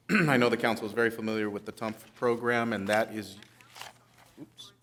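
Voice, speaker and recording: A man's voice: on the low side, steady tone, normal speed, fairly bright tone, a little hiss or hum. A man on city staff giving an easygoing, explanatory presentation to a city council. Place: council chamber.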